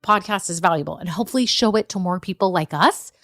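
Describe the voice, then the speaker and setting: A woman's voice: lowish voice, quick pace, fairly bright tone, dry recording, studio quality. A middle-aged woman, hosting her own podcast from a room at home and talking straight to her listeners in an upbeat, chatty way. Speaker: podcast host. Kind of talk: solo podcast talk.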